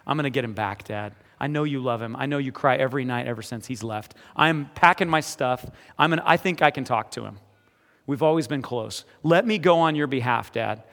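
A man's voice: mid-range voice, fairly quick, a bit bright, pitched below the performer's own voice, lightly acted. A man preaching, voicing an earnest young older brother who pleads with his father to let him go after his runaway brother. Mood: earnest, pleading. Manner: pleading, resolute. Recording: echoey hall with long reverb.

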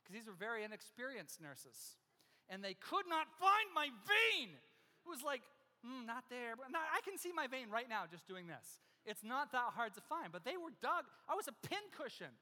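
A man's voice: extremely high pitch, very animated, normal speed, sharp tone. A man preaching, telling a personal story with self-mocking humor and acting out the other people in it. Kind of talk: sermon storytelling. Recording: long hall reverb.

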